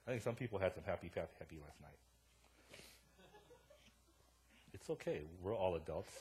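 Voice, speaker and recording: A man's voice: sits low, expressive, normal speed, husky. Casual, joking young male pastor preaching. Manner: casual, joking storyteller with a wide swing in loudness. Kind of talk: sermon. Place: church sanctuary.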